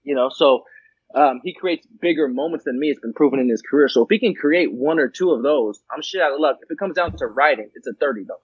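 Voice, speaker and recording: A higher-pitched man with a husky, breathy voice chats loosely, laughing often and swearing freely. The sound is muffled and lo-fi. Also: fast, dry recording. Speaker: guest battle rapper. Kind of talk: casual chat. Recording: muffled lo-fi audio.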